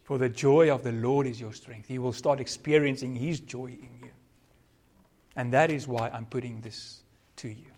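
A man's voice: mid-range voice, fairly even intonation, normal speed. Earnest South African preacher man. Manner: earnest preaching, code-switching, varied loudness. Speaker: pastor. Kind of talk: sermon.

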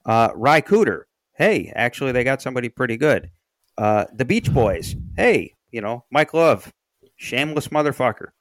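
A man's voice: medium pitch, very animated, normal speed, dry recording. A man co-hosting a podcast, chatting casually about music history with wry, sardonic, profane asides. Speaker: podcast co-host.

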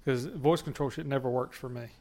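A relaxed male co-host chats loosely, swearing freely and drifting from one story to the next. His voice sits at an ordinary middle pitch, and he laughs easily at his own tales. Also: brisk. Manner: laid-back, profane storyteller who laughs often. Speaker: podcast co-host. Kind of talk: casual chat.

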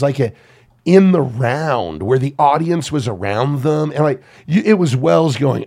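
Gravelly, animated man talking movies. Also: mid-range voice. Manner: animated, swearing, laughing storyteller. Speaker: podcast host. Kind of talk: casual film chat.

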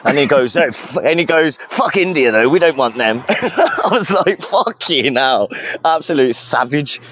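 English male caller, chatty and slangy; slightly high voice. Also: lively intonation, measured pace, a bit bright, a little hiss or hum. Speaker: caller on a livestream. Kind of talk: casual chat.

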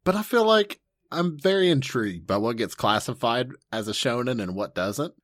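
A man's voice: mid-range voice, lively intonation, moderate pace, no echo, clean studio sound. An enthusiastic man co-hosting a casual anime podcast, playful and laughing often. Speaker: podcast co-host.

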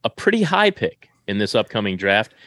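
A man's voice: fairly low pitch, big pitch swings, moderate pace, sharp tone, no room sound. A man co-hosting a fantasy football show, chatting casually and correcting himself as he rambles. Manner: rambling, self-correcting, upbeat. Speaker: fantasy football podcast co-host. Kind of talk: casual chat.

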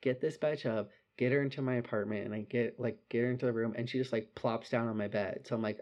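A young man telling a drunken night-out story in casual chat, animated and full of "like" and swearing. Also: mid-range voice, fairly quick, hardly any pauses.

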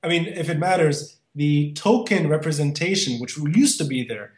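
A man from Lebanon with a Beiruti accent, a guest in a conversational interview, speaking in a measured way. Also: fairly high pitch, echoey room. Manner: measured, listing things one by one.

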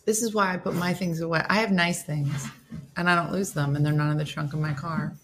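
A woman's voice: lowish voice, fairly even intonation, brisk, slight background noise. A woman hosting a casual live morning stream, chatty and playful, teasing her viewers. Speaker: host of a live morning show.

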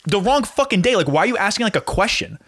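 A man's voice: sits high, sing-song, fast talker, fairly bright tone, no echo, studio quality. A young man co-hosting a casual podcast, ranting animatedly, swearing freely and laughing often. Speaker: podcast co-host.

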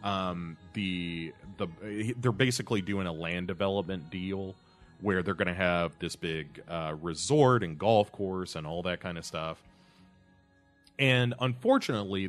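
Podcast co-host, low voice, rambling recap, faint music under it. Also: male voice. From United States. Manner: rambling, many fillers and restarts. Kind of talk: casual chat recapping a TV episode.

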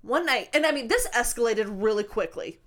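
A woman in her thirties telling a spooky personal story in casual chat, animated, swearing freely and laughing often. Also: fairly high pitch, brisk. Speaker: podcast co-host.

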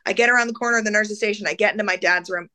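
A woman speaking as an interview guest, telling an emotional personal story in casual, animated speech full of "like"s and acted-out voices. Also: medium pitch, very fast. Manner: animated, acts out the voices of people in her story; casual, filler-heavy speech with many "like"s.

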